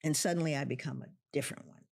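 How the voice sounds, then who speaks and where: A middle-aged social work professor tells a personal story with passion, her low voice racing, gravelly and darkish. She acts out the voices of the people involved and repeats lines for emphasis in this emotional storytelling.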